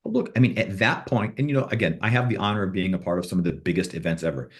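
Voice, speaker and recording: A man's voice: deep voice, rapid-fire. A man being interviewed on a podcast as a boxing manager, telling rambling stories with restarts and quoted back-and-forth dialogue.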